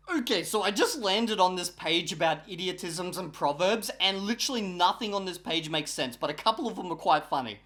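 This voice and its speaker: A woman's voice: fairly low pitch, animated, normal speed. A woman giving casual comedic commentary on a book, incredulous and swearing, laughing often as she reads. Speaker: YouTuber reviewing a book.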